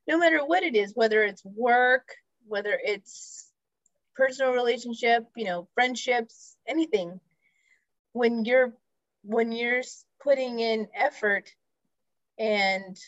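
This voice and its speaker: A woman co-hosting a podcast in casual chat, relaxed and blunt, swearing casually. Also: on the high side, dry recording. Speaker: podcast co-host. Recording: dull lo-fi dry sound.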